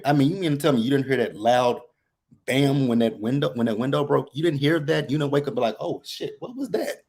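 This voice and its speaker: A man's voice: medium pitch, darkish tone, husky. A man calling in to a talk show, chatting casually and making his points emphatically with a string of rhetorical questions. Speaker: caller. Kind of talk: casual chat.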